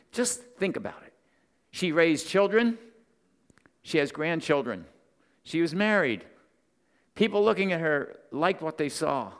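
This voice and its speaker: With a fairly high, slightly bright voice, a man preaches his Sunday morning sermon from the church sanctuary. His style is conversational, full of stories and check-ins with listeners, and the hall adds a long reverb.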